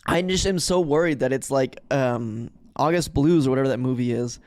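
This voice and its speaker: A man's voice: medium pitch, normal speed, darkish tone, no echo, clean studio sound. A man co-hosting a podcast, chatting casually and telling rambling stories with frequent laughter. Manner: rambling storyteller, laughs often, acts out voices. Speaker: podcast co-host. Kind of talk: casual chat.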